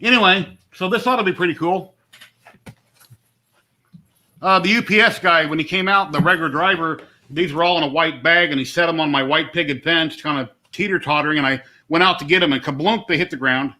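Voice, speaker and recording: A man's voice: fairly high pitch, brisk, pushed and bright. A middle-aged man chatting casually and rambling on a home live stream, easygoing and talkative. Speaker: livestream host.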